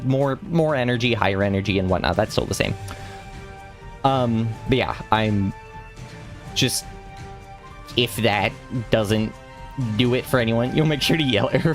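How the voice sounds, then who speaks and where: A young man chatting casually while streaming a game, rambling with restarts and laughs. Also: mid-range voice. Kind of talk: casual gaming stream chat. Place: home room.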